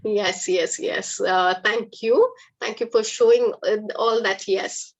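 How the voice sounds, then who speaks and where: A woman's voice: medium pitch, steady tone, takes it slowly. A woman teaching in a live online webinar, upbeat and encouraging, quizzing her audience. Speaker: English teacher hosting a webinar.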